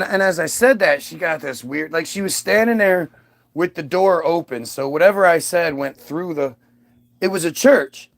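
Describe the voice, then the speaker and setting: A man's voice: a little high, vocal fry. A father casually telling a personal story, aggrieved and profane, with many restarts.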